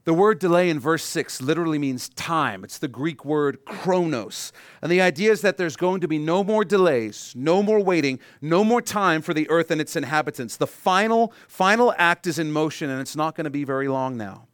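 A man preaching a sermon, animated and acting out the voices he quotes. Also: on the high side, moderate pace, dry recording, studio quality. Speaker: pastor. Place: church sanctuary.

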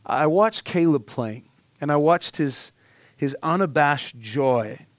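A man in his thirties preaching a sermon, earnest and heartfelt, telling a personal story and dropping softly at emotional moments. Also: on the high side, animated, takes it slowly, no room sound. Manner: earnest, heartfelt storytelling with sudden soft drops. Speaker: pastor.

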